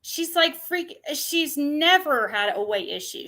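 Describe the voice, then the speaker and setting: Woman rambling on stream, kinda high bright voice, lots of restarts. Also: sing-song, slow pace. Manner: rambling, chatty, with many restarts. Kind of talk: casual chat.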